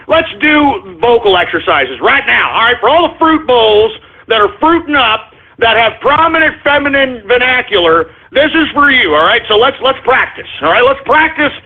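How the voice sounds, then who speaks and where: A man's voice: very high voice, sing-song, normal speed. A man hosting a talk radio show, ranting and rambling, repeatedly asking "all right?", over a tinny phone-line sound.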